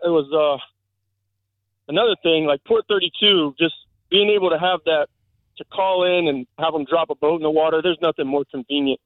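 A man calling in to a radio show, telling a story in quick chatty bursts over a phone line. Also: on the high side, no echo. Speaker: caller. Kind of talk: casual chat.

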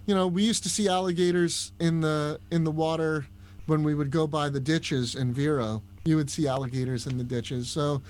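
A man with a Long Island accent, a podcast guest telling stories in a casual, animated chat. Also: on the high side, moderate pace. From Long Island, New York. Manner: storytelling, animated, with restarts. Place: Orlando, Florida.

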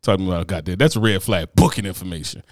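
A man chatting as a podcast co-host, telling comic stories in a profane, animated rant with mocking voices. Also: deep voice, quick pace, no room sound, studio quality. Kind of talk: casual chat, comic storytelling.

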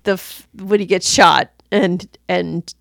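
A woman co-hosting a casual movie review chat, talking in halting starts and laughing often. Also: fairly low pitch, fairly even intonation, creaky, a bit bright, no echo, studio quality. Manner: halting, lots of restarts and laughs. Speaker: podcast co-host.

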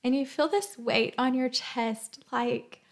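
A woman with a fairly high voice gives a heartfelt faith talk as host. She is earnest and emotional, reflecting aloud in a soft, gentle way, like she's telling a story to kids. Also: slow pace, vocal fry. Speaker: podcast host.

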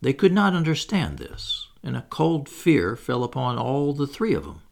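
A man's voice: mid-range voice, very animated, moderate pace, gravelly. A man reading a children's story aloud, with wry asides to the listener. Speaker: audiobook reader. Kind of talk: scripted narration.

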